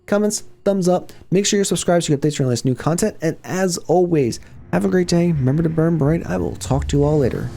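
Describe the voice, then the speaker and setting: A man casually talking through a spooky game as a gaming channel host, rambling and reacting excitedly. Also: a little high, fast, vocal fry, few pauses. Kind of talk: casual let's-play commentary.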